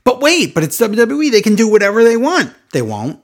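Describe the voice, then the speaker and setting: A man's voice: high voice, wildly swooping pitch, a little fast. A man co-hosting a wrestling podcast, talking in a sarcastic, ranting way and mimicking the people he describes. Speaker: podcast co-host. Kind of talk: casual podcast chat.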